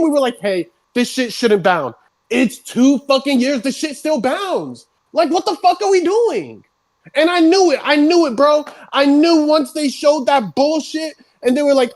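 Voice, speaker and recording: A streamer on a heated rant who swears constantly and builds up into shouting, voice starting to crack. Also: high-pitched, very animated, measured pace.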